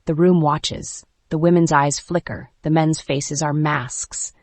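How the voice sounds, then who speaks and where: A woman narrating a first-person dark romance audiobook in a measured, tense way. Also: low voice, fairly even intonation, no room sound.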